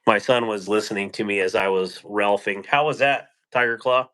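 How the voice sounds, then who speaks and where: Chatty, joking man with a lowish voice. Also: normal speed, a bit bright. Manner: chatty and joking, rambling asides. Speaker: live-stream host. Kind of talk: casual live-stream chat, greeting viewers. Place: home. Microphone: phone.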